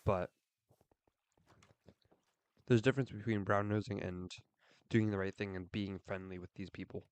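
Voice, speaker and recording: Low-voiced young man rambling earnestly. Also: steady tone, moderate pace, pauses often, clear, resonant tone, no room sound. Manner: earnest, rambling, with frequent "like" fillers. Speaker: streamer. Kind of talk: casual rambling chat while gaming.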